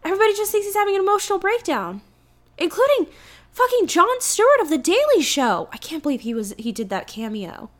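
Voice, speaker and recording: A woman's voice: extremely high pitch, a little fast. A woman in casual chat about a film, retelling scenes with quoted lines and frequent swearing. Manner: animated, swears, acts out movie lines.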